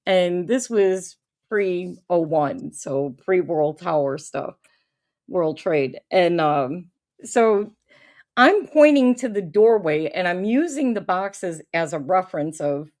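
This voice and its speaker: A woman's voice: fairly low pitch, animated, slow, a little mellow. A woman hosting a casual chat, telling a long anecdote and laughing often as she goes. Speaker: podcast host.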